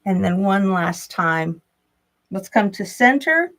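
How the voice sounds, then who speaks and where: A woman leading a yoga and movement class, calmly cueing breath and stretches with the odd soft laugh. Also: mid-range voice, slow pace, poor audio. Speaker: yoga instructor. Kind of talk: guided movement instruction.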